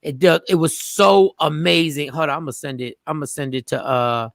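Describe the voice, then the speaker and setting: A man hosting a radio show in casual chat, animated and emphatic, often repeating himself. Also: on the high side, moderate pace, dry recording, studio quality. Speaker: host.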